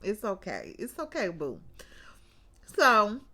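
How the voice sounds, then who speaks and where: A woman's voice: medium pitch, slow pace. A woman casually recapping a TV episode in a chatty, colloquial way, laughing often and calling her listeners baby and child. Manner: animated, laughs often, drawls out exclamations.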